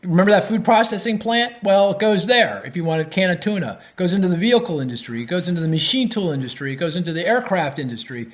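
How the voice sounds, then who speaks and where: A man, an economist guest on a podcast interview, explaining with animated restarts and many fillers. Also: high voice, fast talker, few pauses.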